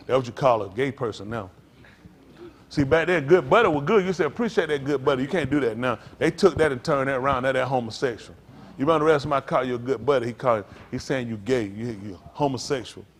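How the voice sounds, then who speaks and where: Preaching to a congregation in a medium-pitched voice, this middle-aged pastor wanders through homespun stories and breaks into loud emphasis.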